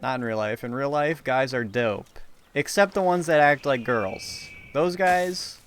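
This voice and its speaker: At a measured pace, a medium-pitched young man talks over a little hiss or hum. He's a young adult streaming a video game, and his commentary to chat is loose, rambling, profane and self-mocking.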